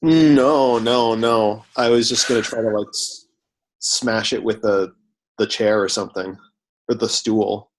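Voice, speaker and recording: A man's voice: fairly low pitch, fairly even intonation, a little slow, poor audio. A man playing a tabletop game, asking the table questions in a casual way. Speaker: player.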